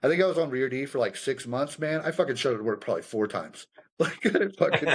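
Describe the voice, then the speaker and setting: A young adult man with a middle-pitched voice tells army stories with a loose, profane energy. He swears constantly and acts out the sergeants he quotes. His pitch climbs when he gets worked up. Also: fast talker, husky. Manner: profane, animated storytelling with quoted dialogue. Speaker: guest, combat veteran. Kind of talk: casual storytelling conversation.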